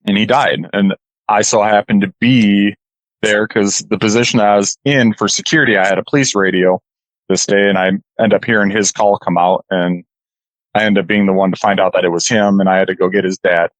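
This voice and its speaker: A man telling a deeply personal story as a radio interview guest, earnest and halting, holding back tears. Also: fairly even intonation, no echo, poor audio. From California.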